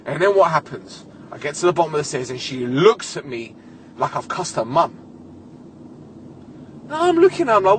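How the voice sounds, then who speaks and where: High-pitched, animated man ranting. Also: normal speed, slight background noise. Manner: animated storytelling, heavy swearing, exasperated. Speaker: podcast host. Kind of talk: solo comic rant.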